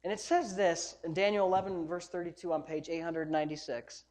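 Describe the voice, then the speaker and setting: A woman's voice: on the low side, fairly even intonation, fairly quick, a little mellow. A woman pastor delivering a sermon, preaching emphatically and throwing rhetorical questions at the congregation.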